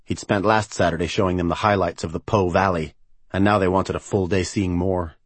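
A man narrating a novel as an audiobook reader, in a measured, even storytelling manner. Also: low-pitched, no room sound. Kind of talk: scripted narration.

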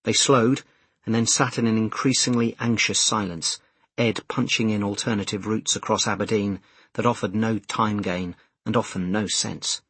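Husky male audiobook narrator. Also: fairly low pitch, no room sound. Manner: measured, expressive storytelling.

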